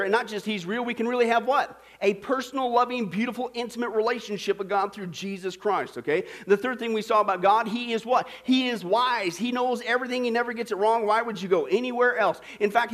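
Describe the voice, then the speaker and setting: A male pastor preaching a sermon, telling a joke with laughs and quizzing the congregation with questions. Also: high voice. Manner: lively, laughing storyteller, asks the crowd questions.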